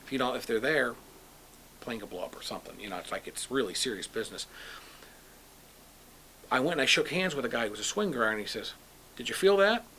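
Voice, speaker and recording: A middle-aged man from Youngstown, Ohio, tells stories from his life with a bright, sharp tone. He is an animated storyteller who acts out what others said. Faint background hiss sits behind his voice. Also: mid-range voice, fast, pauses often. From Youngstown, Ohio, USA. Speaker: painter and comic book writer interviewed. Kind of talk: personal storytelling in a documentary interview.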